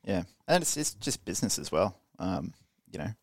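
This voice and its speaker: A low-voiced man chatting on a podcast in an easygoing, matter-of-fact way. The sound is dry and close. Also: big pitch swings, normal speed, no room sound. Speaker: podcast co-host. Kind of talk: casual podcast chat.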